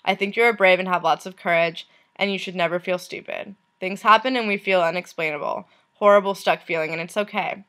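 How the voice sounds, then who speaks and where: A woman vlogger reading messages aloud, in a soft, unhurried voice that trails off at the end of lines. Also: lowish voice, steady tone.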